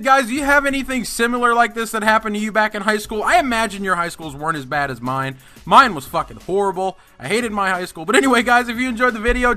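A young man hosting a gaming channel, telling a story in an indignant, swearing rant. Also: high-pitched. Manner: animated, indignant ranting with heavy swearing. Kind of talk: storytime vlog over gameplay.

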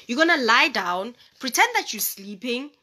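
A woman's voice: on the high side, expressive, normal speed, pushed and bright, slight background noise. A woman voicing a smug trickster rabbit from a children's story, impatient and dismissive. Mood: irritated.

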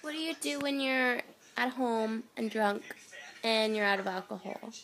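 A woman's voice: fairly high pitch, steady tone, unhurried, fairly bright tone. A young woman with a stuffy, nasal voice, tipsy and rambling goofily in a casual vlog filmed on her phone at home. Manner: goofy, rambling and chatty. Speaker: makeup artist. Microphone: phone camera.

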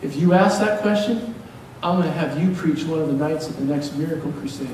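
A man preaching a sermon as pastor, lively and joking as he urges the congregation on. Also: fairly high pitch, fairly quick. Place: church sanctuary. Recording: echoey hall from far off, faint hiss.

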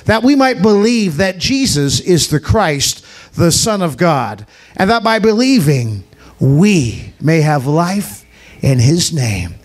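Expressive slow-reading man pastor. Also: fairly high pitch. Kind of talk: dramatized scripture reading at a service.

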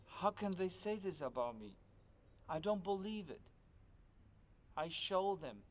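A man's voice: high voice, big pitch swings, a little slow. A man playing a hurt, brooding man who delivers stilted, oddly phrased lines.

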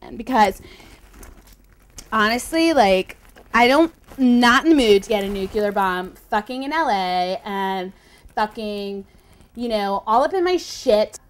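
A woman's voice: medium pitch, expressive, measured pace, close to an everyday voice. A woman doing a whiny, self-absorbed stylist. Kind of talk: improvised character audition.

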